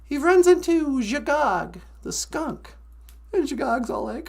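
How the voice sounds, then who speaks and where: A woman telling a folk tale in a casual, animated way, laughing often. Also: high-pitched, measured pace. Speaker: storyteller. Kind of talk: casual storytelling.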